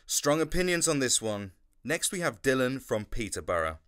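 Dry radio host voiced by a man, animated intonation, bright tone. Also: mid-range voice, normal speed, slight background noise. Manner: smooth presenter delivery, dry reactions. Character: calm male radio phone-in host.

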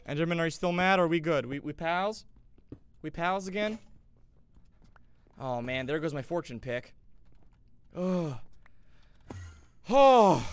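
An excitable young man streaming himself playing a game, his fairly high voice leaping all over the place as he talks to his chat. He yelps and laughs whenever danger shows up. A faint hiss and mouse clicks sit under his voice. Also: normal speed, long pauses. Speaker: gaming streamer. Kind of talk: live-stream gameplay commentary.

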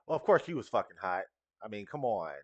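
A man's voice: lowish voice, big pitch swings, fast talker, a little mellow, no room sound, dull audio, faint music behind. A young man hosting a casual reaction video, chatty and profane, laughing often.

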